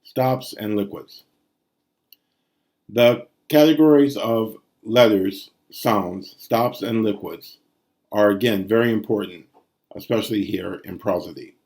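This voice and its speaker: Guy teaching greek meter, slow and low-ish, says the da da beats out loud. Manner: methodical, sounds out syllables and rhythms aloud. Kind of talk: recorded language lesson.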